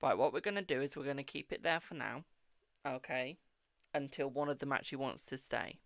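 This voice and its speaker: A man's voice: medium pitch, fairly quick, creaky, fairly bright tone, no echo, clean studio sound. A man hosting a live-stream psychic reading, chatting casually and affectionately calling viewers boo and darling. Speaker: psychic tarot reader and host.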